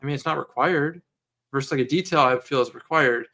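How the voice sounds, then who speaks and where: A man's voice: medium pitch, fairly quick. A man co-hosting a podcast, chatting casually and telling stories that act out conversations with customers. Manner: animated storyteller, acts out customer dialogue. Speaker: podcast co-host. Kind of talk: casual chat.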